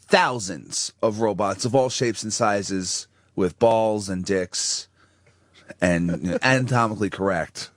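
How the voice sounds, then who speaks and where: A man's voice: fairly low pitch, measured pace, dry recording, clean studio sound. A man co-hosting a talk radio show, telling crude stories and laughing. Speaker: radio co-host. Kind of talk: casual talk radio banter. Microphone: studio microphone.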